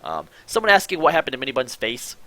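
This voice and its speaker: A man's voice: medium pitch, fast talker. A man hosting a casual online show, chatting and telling stories with frequent restarts and swearing. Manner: animated, swearing, rambling with restarts. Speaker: podcast host. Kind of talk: casual chat on a call.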